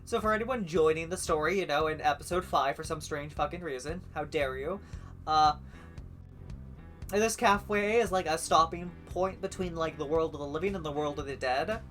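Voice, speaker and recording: A man chats loosely through a live stream of a story game, rambling and swearing often. His voice sits slightly high for a man. Guitar music plays clearly underneath. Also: moderate pace, fairly bright tone. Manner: chatty and rambling, with frequent swearing.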